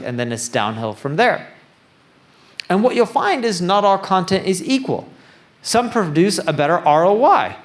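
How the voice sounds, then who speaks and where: High-voiced man giving a casual keynote. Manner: casual, self-deprecating, joking; nerdy, plain-spoken. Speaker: keynote speaker. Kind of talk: conference keynote talk. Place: conference stage before an audience.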